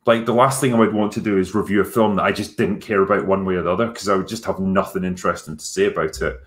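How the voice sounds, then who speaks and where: A Scottish man hosting a casual livestream Q&A as a film critic, relaxed and rambling with frequent ums and casual swearing. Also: low-pitched, fast talker. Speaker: YouTube film critic and host.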